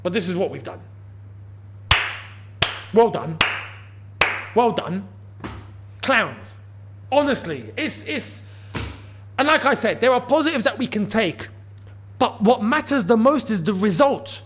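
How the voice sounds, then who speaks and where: A man's voice: high-pitched, very animated, a little slow, long pauses, fairly bright tone, a little hiss or hum. A man hosting a football channel, delivering an exasperated, emphatic post-match rant with lots of repetition.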